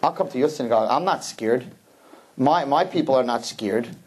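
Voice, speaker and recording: A cocky young male student, husky and pressing his point, put on by a man preaching. His pitch stays lower than the speaker's usual. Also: animated, normal speed, a little mellow. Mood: challenging. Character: confident young male student challenging a classmate.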